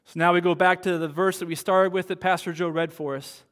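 A male pastor in his thirties preaches with a high-pitched voice. His delivery swings from lively, animated storytelling to quiet, hushed appeals. The sound carries a long reverb from a church hall. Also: fairly quick. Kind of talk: sermon.

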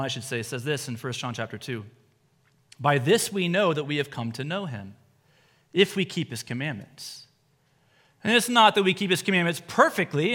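A man delivers a sermon from the pulpit in a high, earnest voice. He swings his delivery up and down to press his points home. The sound carries the long reverb of a church hall. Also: bright, forceful tone. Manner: earnest preaching, voice rising and falling with emphasis. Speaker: pastor.

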